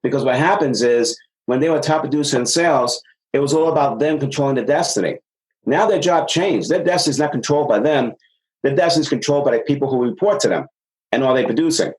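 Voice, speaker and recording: A man's voice: mid-range voice, fast, poor audio. A middle-aged man, a sales consultant being interviewed, explaining ideas with energy and acting out dialogue from stories. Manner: energetic, acts out quoted dialogue. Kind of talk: interview podcast conversation.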